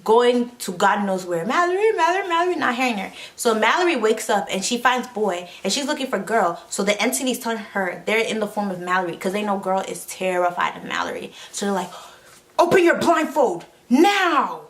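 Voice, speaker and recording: Woman vlogger, casual comedy recap, slangy and rambling, mid pitch. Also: brisk, hardly any pauses, fairly bright tone. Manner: slangy, rambling, with sound effects and fillers.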